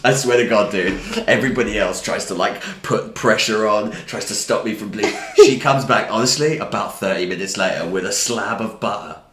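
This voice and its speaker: A man's voice: fairly low pitch, brisk, few pauses. A man chatting on a livestream, telling a story and laughing often as he goes. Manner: animated anecdote-teller, laughs through his own story. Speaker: livestream host. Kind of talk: casual chat, storytelling. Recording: roomy echo with faint background hiss.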